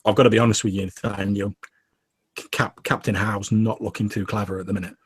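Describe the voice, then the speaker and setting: A man's voice: on the low side, little pitch movement, a little fast, breathy edge. A young man narrating a tabletop game as game master, casual and full of fillers.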